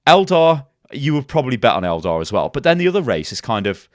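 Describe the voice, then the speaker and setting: A man's voice: medium pitch, sing-song, fast talker, dry recording, studio quality. A man co-hosting a casual gaming podcast, talking animatedly and laughing often. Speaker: podcast co-host.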